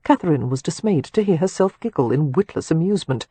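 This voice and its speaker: A woman narrating a romance audiobook in a measured, intimate way. Her voice is husky and breathy, recorded close and completely dry. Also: sits low, lively intonation, mellow, no echo.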